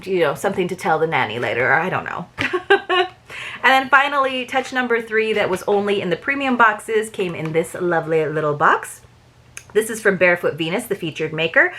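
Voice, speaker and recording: Chatty woman unboxing with gentle gushing. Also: on the low side. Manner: chatty, gushing, with small laughs and asides. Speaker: book subscription box reviewer. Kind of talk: casual unboxing chat with read-aloud passages.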